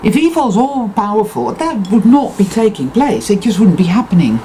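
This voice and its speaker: With big pitch swings and a mellow, warm tone, a spiritual vlogger speaks at normal speed in an unscripted personal monologue. It's intense, emphatic self-affirmation with free swearing, captured on a rough recording with faint noise behind her.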